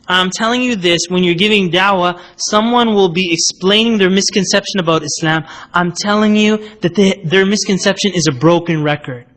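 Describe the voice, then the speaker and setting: An Islamic lecturer with a high, slightly bright voice gives a conversational religious lecture, explaining points and often checking in by asking "right?". He also acts out quotes.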